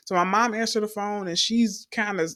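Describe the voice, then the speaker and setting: A woman's voice: mid-range voice, steady tone, moderate pace, a bit bright, no echo, clean studio sound. Earnest woman telling her testimony. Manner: earnest storytelling, addresses listeners as y'all. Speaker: testimony speaker. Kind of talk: personal faith testimony.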